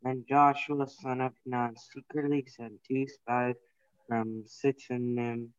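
A man reading scripture aloud in a class, halting and stumbling over names. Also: medium pitch, flat delivery, clean tone, no room sound, lo-fi sound. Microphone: video call.

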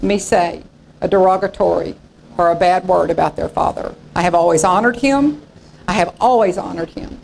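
Gravelly woman preaching. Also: on the low side, normal speed, a little mellow, a little hiss or hum, poor audio. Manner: folksy storytelling preacher, acting out quoted voices. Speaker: pastor. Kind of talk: sermon.

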